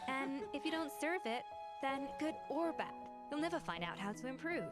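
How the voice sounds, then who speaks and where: An actress voicing a confident, encouraging female chef who coaches in a brisk manner in a video game. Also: sits high, animated, over loud music.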